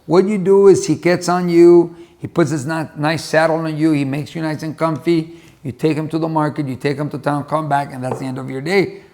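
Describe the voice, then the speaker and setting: A man's voice: on the high side, fairly even intonation, a little fast, darkish tone, natural voice. A man voicing an overworked male bull who complains about his hard job, in a storytelling voice close to his own. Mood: complaining. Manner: complaining, weary.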